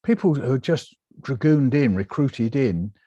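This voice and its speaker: A British man, a guest author, telling his story in a lively interview and acting out the voices he quotes. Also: medium pitch, unhurried, dry recording, muffled recording. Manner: animated, acts out quoted voices.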